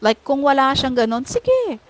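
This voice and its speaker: A woman's voice: mid-range voice, normal speed, a little hiss or hum, rough recording. Give me a woman guesting on a podcast, chatting casually in a mix of Tagalog and English. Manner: switches between Tagalog and English, often adds "di ba?".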